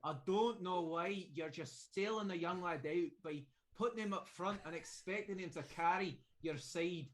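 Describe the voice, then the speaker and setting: A man with a fairly high voice picking apart a team's tactics on a live football watch-along. He talks earnestly and in some detail. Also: moderate pace, few pauses.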